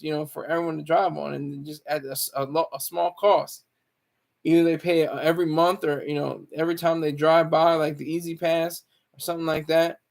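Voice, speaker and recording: The speaker, a Marine Corps veteran, has a creaky voice that sits on the high side. In a relaxed monologue he wanders from point to point, stating his opinions and often stopping to fix his wording.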